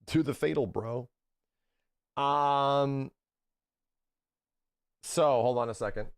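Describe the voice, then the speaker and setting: Talking slowly in a clean, mid-range voice on a dry recording, this thirty-something streamer chats casually into a close mic. His commentary turns into animated, profanity-heavy rants.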